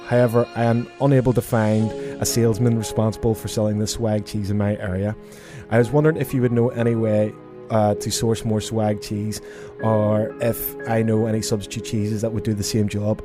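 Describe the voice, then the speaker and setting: A young man hosting a student radio advice show, telling a story in an animated way and laughing often. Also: lowish voice. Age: young adult. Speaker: radio host. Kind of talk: casual chat. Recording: music playing in the background.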